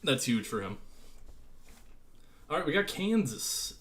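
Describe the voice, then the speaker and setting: A man's voice: fairly high pitch, takes it slowly. Man calling a racing game live. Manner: excited play-by-play calls, then loose chatty asides. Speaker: gaming streamer.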